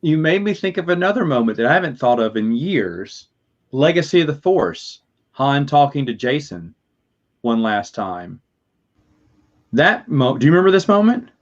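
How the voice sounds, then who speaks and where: A man in casual podcast chat, telling the story animatedly and acting out his reactions with sudden high yelps. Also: very animated, normal speed. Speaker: podcast co-host. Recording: slightly dull, lo-fi sound.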